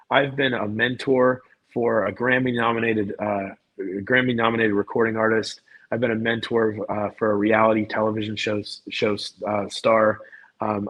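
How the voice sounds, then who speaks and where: Husky man telling a story. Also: lowish voice, low-quality recording. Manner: animated, repeats words and restarts often. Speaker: podcast guest. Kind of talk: casual storytelling.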